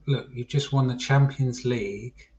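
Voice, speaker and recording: A man's voice: medium pitch, steady tone, unhurried, darkish tone. A man hosting a casual football chat livestream, chatty and calling his viewers mate. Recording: dull lo-fi stream audio.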